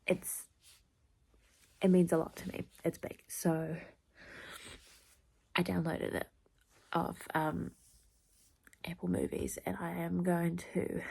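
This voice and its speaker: A young woman with a congested nose, chatting casually to camera in a hushed, rambling way full of fillers, indoors at night. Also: lowish voice, vocal fry, slightly rough. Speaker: vlogger. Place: indoors at a relative's home at night.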